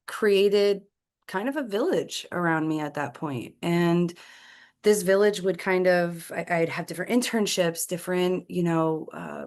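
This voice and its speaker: A woman, a podcast guest telling her career story in a lively, casual way. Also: lowish voice. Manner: animated storyteller acting out quoted dialogue. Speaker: podcast guest, clinical executive.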